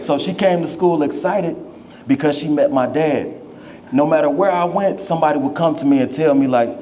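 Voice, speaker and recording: Young man, eulogy speech, casual slang, warm mellow voice, faint background hum. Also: on the high side, normal speed. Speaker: memorial speaker.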